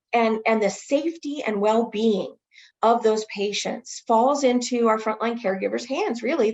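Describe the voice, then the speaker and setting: A woman training others in infection prevention, answering a webinar question as an enthusiastic, animated storyteller. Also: fairly high pitch, dull audio.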